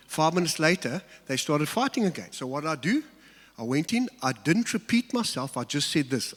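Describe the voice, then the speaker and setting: A man's voice: a little high, expressive, moderate pace, fairly bright tone. A middle-aged man preaching a sermon, telling stories with humor and acting out asides. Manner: humorous storytelling with acted-out asides. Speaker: pastor. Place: church hall. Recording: long reverb of a church hall.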